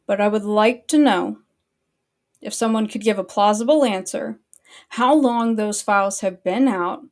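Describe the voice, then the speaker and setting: A woman's voice: mid-range voice, measured pace, a little mellow. Annoyed woman ranting casually. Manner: annoyed, blunt, swears freely. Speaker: online commentary host.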